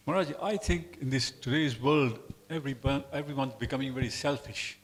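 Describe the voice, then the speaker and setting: A man in an audience at a spiritual class, making an earnest, halting comment with repeated words. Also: mid-range voice. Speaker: audience member asking a question. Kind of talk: question from the floor. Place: temple hall.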